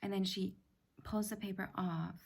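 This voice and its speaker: A middle-aged woman hosting a reflective self-help talk, speaking softly and often in a half-whisper, gentle and halting. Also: mid-range voice, fairly even intonation, creaky, breathy edge. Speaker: self-help practice host. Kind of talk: soft-spoken personal reflection.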